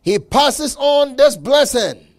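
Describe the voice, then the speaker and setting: A man preaching a sermon as pastor, emphatic, with repeated words and dramatic pauses. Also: extremely high pitch, animated.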